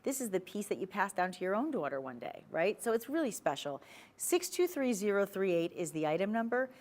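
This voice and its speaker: A woman's voice: medium pitch, very animated, brisk, a little mellow. Woman, shopping-channel host, persuasive chatter with rambling asides, studio sound. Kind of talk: live TV sales pitch.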